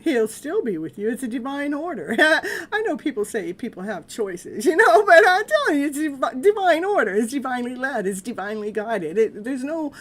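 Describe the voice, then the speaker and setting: A woman's voice: sits high, big pitch swings, normal speed, hardly any pauses, fairly bright tone. A middle-aged woman hosting a casual live-stream tarot reading, chatting loosely with viewers and laughing often. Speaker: live tarot reader and host.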